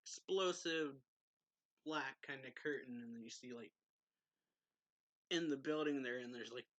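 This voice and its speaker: A man's voice: medium pitch, unhurried, a bit bright. A man casually recapping a manga chapter as a reviewer, chatty and loose, with lots of "like" and "so yeah" and frequent chuckles. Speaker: anime reviewer.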